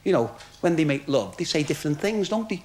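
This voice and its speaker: A man's voice: on the high side, big pitch swings, a little fast, a little mellow. A male stand-up comedian telling jokes in a chatty way, full of "you know" asides. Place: club stage before a laughing audience. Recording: crowd noise, noisy 1970s TV recording.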